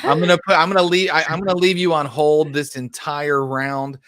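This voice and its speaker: A man acting as storyteller, running a tabletop roleplaying game in a relaxed way with many fillers. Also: a little high, brisk, background noise. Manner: relaxed, many ums and uhs.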